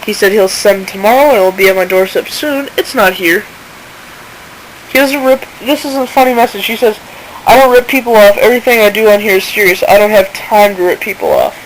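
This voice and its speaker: A woman's voice: mid-range voice, brisk, slight background noise, poor audio. A woman in casual screen-recording commentary who talks informally and indignantly and reads messages aloud. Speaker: channel owner exposing a seller.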